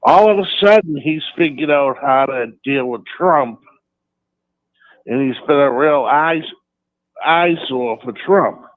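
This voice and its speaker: A man's voice: a little high, slow, dry recording. A man with a Boston accent calling in to a radio show, chatting and scornful about politicians. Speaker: caller. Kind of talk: call-in radio chat. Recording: tinny phone line.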